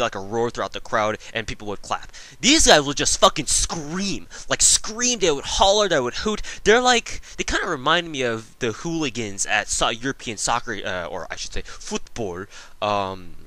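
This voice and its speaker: A male gaming vlogger telling a story in a loose, rambling way, full of fillers and casual swearing. His voice is bright and swings widely in pitch. The sound is dry and close. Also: no room sound. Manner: rambling and profane, with many fillers and restarts.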